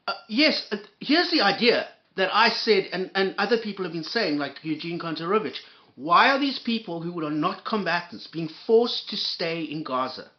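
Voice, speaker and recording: A man hosts a reaction commentary in a fairly high voice that leaps up and down. He sounds heated and sarcastic and swears freely. The sound is dull and lo-fi. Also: lively intonation, normal speed. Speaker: commentary host.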